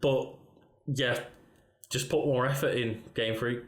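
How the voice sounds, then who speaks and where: A man's voice: mid-range voice, fairly even intonation, slow pace. Laid-back guy rambling on his podcast, voice bouncing around an echoey room. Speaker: podcast host. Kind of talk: casual chat.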